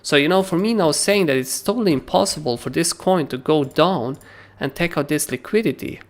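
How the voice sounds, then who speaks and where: A man hosting a crypto trading livestream, talking through charts in a casual, animated way and often asking "right?". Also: fairly high pitch, fairly quick.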